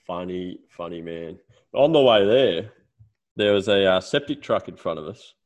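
A man's voice: deep voice, animated, moderate pace, muffled recording. An Australian man co-hosting a podcast, telling stories in a casual, swearing way. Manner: swearing storyteller. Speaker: podcast co-host. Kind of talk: casual chat.

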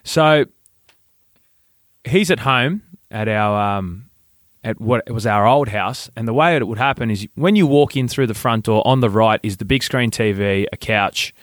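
A man, co-hosting a casual podcast and telling an animated story, acting out voices. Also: lowish voice, measured pace, no echo, studio quality. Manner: animated, acts out voices in stories. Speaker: podcast co-host.

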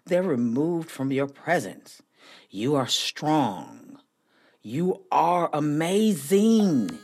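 A woman hosting a motivational podcast, talking in a preachy, emphatic way that swells to near-shouting. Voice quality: husky, low voice. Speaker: podcast host.

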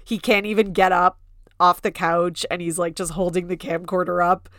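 A woman's voice: fairly low pitch, level tone, normal speed, fairly bright tone, no echo, studio quality. A woman hosting a podcast in a casual gossip style, chatty and full of "like" fillers, now and then mocking people in quoted voices. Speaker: podcast host.

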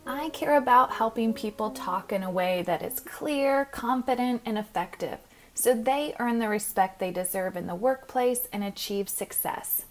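A woman hosting a podcast, reading a scripted monologue in a clear, measured, instructive way as a pronunciation coach. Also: on the high side, faint music behind.

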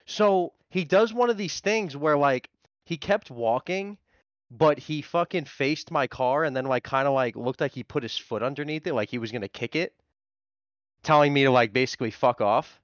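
An excitable man tells a profane street story in a mid-range voice. His recording is dry with no room sound. The sound is a little dull and muffled. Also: mid-range voice, normal speed, no room sound. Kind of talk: casual storytelling chat.

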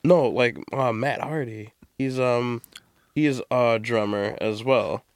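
A man's voice: medium pitch, takes it slowly, dry recording, clean studio sound. A man hosting a podcast in casual, crude, rambling chat, joking around and slipping into silly voices. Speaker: podcast host.

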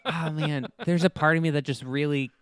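A man's voice: on the high side, fairly even intonation, normal speed, fairly bright tone, clean tone, no echo, clean studio sound. Enthusiastic man chatting about a film. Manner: enthusiastic, easygoing. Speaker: podcast co-host. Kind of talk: casual film discussion.

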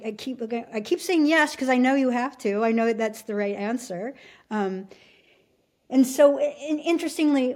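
A middle-aged woman from Alaska, a podcast guest telling her story in a casual, halting way with many restarts. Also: on the high side, a little mellow. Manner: halting, full of restarts and fillers. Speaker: podcast guest, shamanic teacher.

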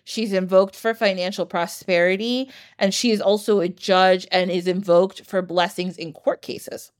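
A woman's voice: medium pitch, fairly even intonation, normal speed. A woman hosting a podcast, chatting casually and enthusiastically with many tangents. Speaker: podcast host.

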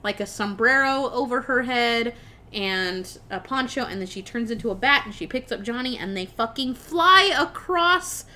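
A young adult woman on a podcast, casually retelling a film plot with lively swearing and laughter. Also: a little high, normal speed. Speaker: podcast co-host reviewing a film. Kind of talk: casual chat.

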